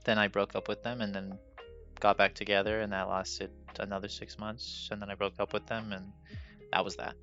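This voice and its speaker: A man's voice: on the low side, flat delivery, normal speed, pushed and bright. A young man hosting a podcast, telling personal stories in a rambling, self-mocking way and laughing often. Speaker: podcast host. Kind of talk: casual personal storytelling. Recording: dull lo-fi sound with faint music.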